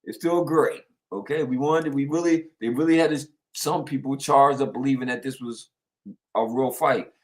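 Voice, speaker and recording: A man co-hosting a casual sports talk show, animated and rambling, repeating himself as he tells stories. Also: medium pitch, normal speed. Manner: animated storyteller, repeats himself, lots of fillers.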